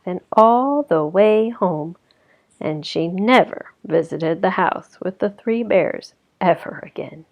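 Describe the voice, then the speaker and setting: A woman reading a children's story aloud, expressively, at times dropping to a whisper. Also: mid-range voice. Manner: expressive, slow, sometimes whispering.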